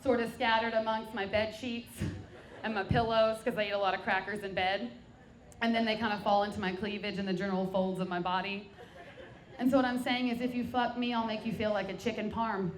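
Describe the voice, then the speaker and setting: A woman's voice: medium pitch, fairly even intonation, fairly quick. A woman doing a stand-up set on a brewery stage, delivering self-deprecating, bawdy punchlines to a live audience. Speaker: stand-up comic. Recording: echoey room with crowd.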